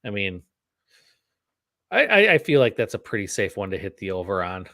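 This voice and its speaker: A man's voice: fairly low pitch, big pitch swings, moderate pace, gravelly, bright, forceful tone, no room sound, studio quality. A man co-hosting a casual podcast, easygoing and running the segments with plenty of fillers. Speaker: podcast co-host.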